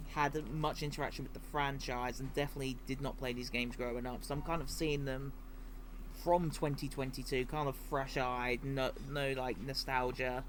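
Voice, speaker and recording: A man's voice: medium pitch, a little hiss or hum. A man guesting on a podcast, explaining his view candidly. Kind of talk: casual podcast chat.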